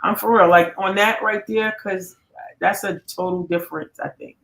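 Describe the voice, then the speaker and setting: Podcast guest, a woman with a gravelly voice, brief and supportive, in a roomy echo. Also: mid-range voice, steady tone, normal speed, a bit bright. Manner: short supportive interjections. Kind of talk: casual podcast chat.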